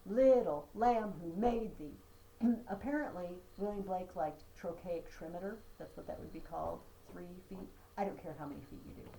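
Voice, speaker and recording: Woman teacher, low-pitched, gravelly, chatty and animated, faint room hum. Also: a little fast, hardly any pauses, low-quality recording. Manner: chatty, animated, chanting rhythms. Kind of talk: classroom lecture.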